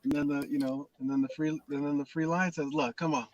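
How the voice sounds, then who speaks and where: A man's voice: on the high side, little pitch movement, quick pace, darkish tone, muffled recording. A man leading casual spiritual talk, restarting and repeating words with preacherly emphasis. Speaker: host.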